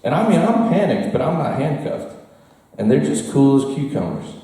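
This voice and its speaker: Male storyteller, mellow voice, roomy bar sound, mic at a distance, animated and laughing. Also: medium pitch, moderate pace. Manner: animated, laughs through his story, chats with the crowd. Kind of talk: live storytelling to a bar audience. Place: bar with an audience. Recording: roomy echo, mic far off.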